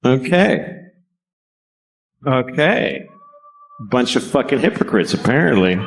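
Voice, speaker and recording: A man's voice: on the low side, lively intonation, normal speed, long pauses, slight background noise. A man doing a stand-up comedy routine, profane and sardonic, with rambling rants.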